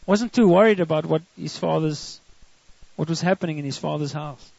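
A man's voice: fairly high pitch, normal speed, vocal fry, a little mellow, no echo. A man preaching a sermon, retelling a story and acting out the quoted lines in dramatic voices. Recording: dry, dull lo-fi sound.

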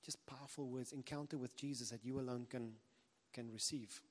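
A man delivers a sermon in an earnest, conversational way, circling back and restarting as he talks. His voice sits at an ordinary pitch and carries a long reverb from a large hall. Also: fairly even intonation, fairly quick. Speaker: preacher.

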